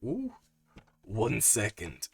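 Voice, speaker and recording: A man's voice: lowish voice, huge pitch swings, extremely slow, gravelly, slightly rough. Chatty man streaming a game. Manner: rambling and chatty, many restarts and side comments. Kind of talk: live game playthrough, reading aloud.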